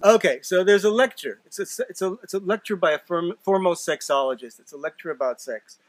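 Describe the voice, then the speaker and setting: An older man telling a risqué joke, lively as he quotes the lecturer. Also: high-pitched, a little fast, no room sound, faint music behind. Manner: lively, rising into quoted lines. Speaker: amateur comedian.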